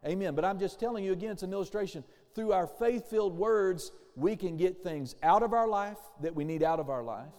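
A pastor preaches a sermon in a high, mellow voice, calling for amens and taking on the voices of people he quotes. He moves briskly with few pauses, and his words ring through a hall with a long reverb tail.

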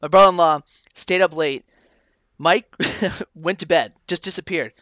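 Male podcast guest, easygoing storyteller, brightish and slightly high voice. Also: a little slow, no room sound. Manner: easygoing anecdote teller. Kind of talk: casual storytelling.

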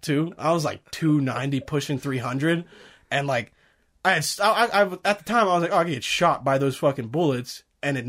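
A young man telling a rambling story in casual chat, swearing often and laughing through it. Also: on the high side. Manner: profane, laughing, animated storytelling.

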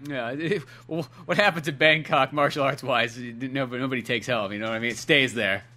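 A man's voice: mid-range voice, a little fast, bright, forceful tone. A young man co-hosting a podcast in casual chat, rambling and acting out film characters. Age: young adult. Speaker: podcast co-host.

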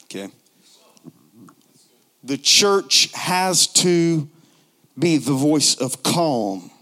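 A man in his forties preaching a sermon in a joking, conversational way, low on strength and not raising his voice. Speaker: pastor.

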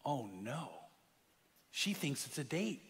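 A man's voice: on the high side, animated, brisk, fairly bright tone, long reverb tail. A man voicing a kind, friendly young man in a sermon story.

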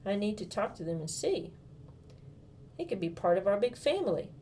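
A woman's voice: medium pitch, very animated, moderate pace, dark tone, slight background noise. Woman reading a bubbly girlish storybook. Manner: bubbly, gushing, childlike enthusiasm. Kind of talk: first-person storybook reading as a young girl.

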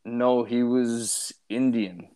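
A man's voice: mid-range voice, fairly even intonation, slow, dark tone, smooth. A man in his thirties telling stories bluntly in a casual chat, swearing freely. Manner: blunt, profane storytelling.

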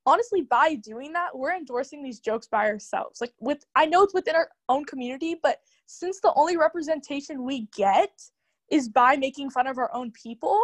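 A young woman as the guest in a casual chat, talking quickly and animatedly with many "like" fillers. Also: high voice.

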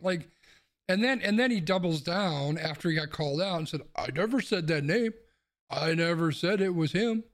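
A man rants hotly on a casual sports podcast, swearing as he goes. His voice sits a little high for a man. He talks from a room at home. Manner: heated, swearing, ranting. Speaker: podcast co-host. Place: home room with windows open.

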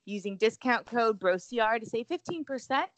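Woman, podcast co-host, casual chat, upbeat, fairly high voice, dry close sound. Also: lively intonation, normal speed, no room sound. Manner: chatty, upbeat, filler-heavy.

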